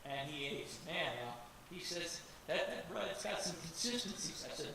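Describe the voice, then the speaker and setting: A man's voice: on the high side, animated, normal speed, creaky, few pauses, a crowd in the background. A man giving an informal testimony to a church congregation, folksy and rambling with frequent restarts. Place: church hall. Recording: echoey church hall, distant mic, noisy.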